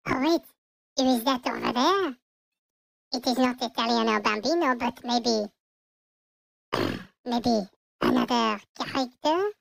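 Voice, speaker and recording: A player voicing a dramatic small French baby in a mock French accent with French words thrown in, through a pitched-up childlike voice. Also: lively intonation, slow pace, gravelly, pauses often, fairly bright tone, heavily acted, rough recording.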